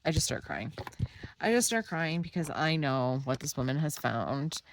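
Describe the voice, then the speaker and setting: A woman's voice: sits low, big pitch swings, moderate pace, a little hiss or hum. A woman in her thirties telling her own story of a hard diagnosis in a candid, emotional way, acting out what others said in quoted lines. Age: 30s. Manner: casual with frequent fillers like "like" and restarts. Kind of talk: personal storytelling to camera.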